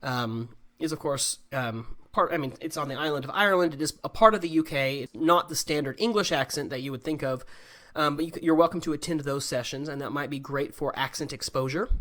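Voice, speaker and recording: American man, English teacher, live Q&A over video call, patient explanations, fairly high voice. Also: a little fast, fairly bright tone. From United States. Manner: explains patiently, often checks in with "right?". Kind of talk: live online Q&A lesson.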